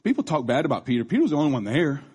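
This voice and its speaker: A man's voice: on the high side, big pitch swings, rapid-fire, mellow, breathy edge. A man in his thirties giving a casual, conversational sermon, chatty, with restarts and asides. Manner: acts out quoted voices. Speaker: preacher.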